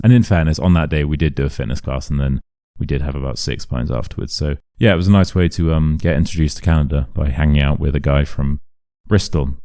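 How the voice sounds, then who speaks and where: A man's voice: a bass voice, brisk, dry recording, studio quality. A young English man with a modern RP accent, an English teacher chatting animatedly and telling stories while walking outdoors through city streets. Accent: modern RP British English. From England. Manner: chatty, animated storyteller who acts out voices. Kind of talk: casual walk-and-talk vlog storytelling.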